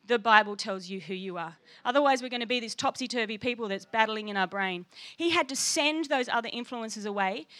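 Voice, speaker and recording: Animated woman preaching a bright sermon. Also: on the high side. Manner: animated, passionate, asks the congregation questions; teacherly, acts out little voices for quoted people. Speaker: pastor.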